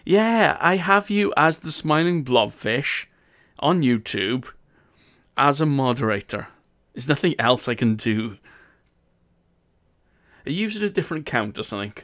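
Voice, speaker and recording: A man's voice: medium pitch, sing-song, a little slow, pauses often, fairly bright tone. A man with a Welsh accent hosting a game live stream in casual, upbeat chat and laughing often.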